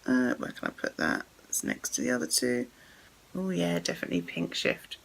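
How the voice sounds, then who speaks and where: A woman's voice: fairly low pitch, huge pitch swings, moderate pace, gravelly, poor audio. A woman chatting casually as she unboxes and swatches makeup, thinking aloud as she goes. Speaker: beauty vlogger.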